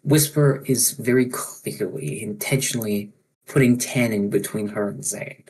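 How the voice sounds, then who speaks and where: A man narrating as game master of a tabletop game online, halting often with ums and restarts. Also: on the low side, a little mellow, slightly rough, low-quality recording. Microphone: online voice chat microphone.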